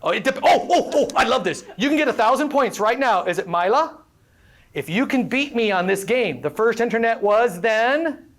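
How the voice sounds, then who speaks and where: A woman professor running an interactive workshop for a live audience, energetic and playful as she quizzes the room. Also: a little high, moderate pace. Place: live event before an audience.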